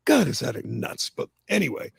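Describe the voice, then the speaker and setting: Gravelly ranting talk radio man. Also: mid-range voice, a little fast, no room sound, clean studio sound. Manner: animated ranting, frequent restarts. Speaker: talk show host. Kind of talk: opinionated sports talk radio.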